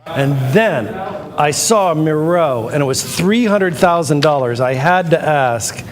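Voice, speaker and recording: A man's voice: fairly high pitch, expressive, a little slow. A man hosting a live TV art auction in a studio, chatting, joking and repeating words as he sells. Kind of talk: live auction sales patter.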